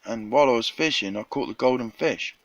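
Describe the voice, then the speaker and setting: A man's voice: medium pitch, fairly quick, dry recording, highs cut off. A man telling a rambling made-up fish story in casual surfer slang, with little voices for the characters. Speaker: vlogger telling a tall tale.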